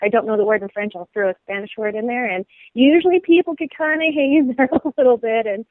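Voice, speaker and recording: A woman's voice: on the high side, quick pace, a little mellow, dry recording, rough recording. Bubbly woman with a dry sound. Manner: bubbly, laughs often. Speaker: guest, actress and model. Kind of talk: casual interview chat.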